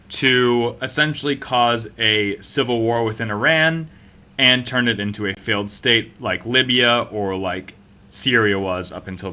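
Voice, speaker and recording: Bright-voiced man giving political commentary. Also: mid-range voice.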